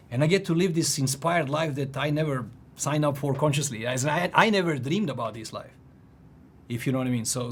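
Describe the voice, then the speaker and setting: A man in his forties telling a personal story in casual chat, animated, restarting sentences and laughing often. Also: medium pitch, breathy edge. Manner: animated, frequent restarts and laughs, "if you know what I mean".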